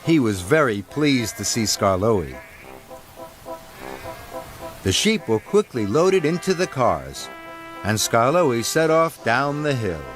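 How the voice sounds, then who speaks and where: A man reads a children's storybook aloud, his voice mid-pitched for a man. His intonation is animated and sing-song, and music plays under the narration. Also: slow, long pauses. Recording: narration over background music.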